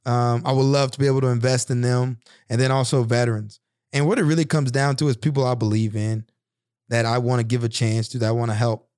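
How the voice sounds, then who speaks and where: A man's voice: medium pitch, little pitch movement, fast, darkish tone, clean tone, no room sound, studio quality. A man in his thirties hosting a podcast, telling personal stories in an earnest, reflective monologue with frequent restarts. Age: 30s. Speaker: podcast host.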